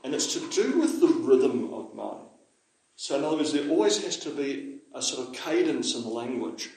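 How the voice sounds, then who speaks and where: A man's voice: mid-range voice, sing-song, moderate pace, darkish tone. A man teaching a Māori language lesson to a class, chatty, explaining with asides and checking that his listeners follow. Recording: very echoey room.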